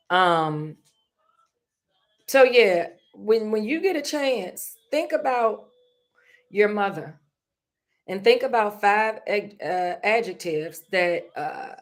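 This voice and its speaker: A middle-aged woman, hosting her own show and sharing a personal story in an earnest, prayerful way. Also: medium pitch. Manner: earnest, prays aloud, laughs through a funny memory. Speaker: podcast host.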